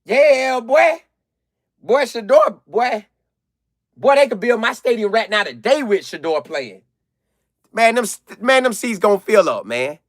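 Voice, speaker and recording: A young adult man, hosting a casual live chat and answering viewers in an animated way, repeating phrases for emphasis. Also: high-pitched, moderate pace, no echo, studio quality.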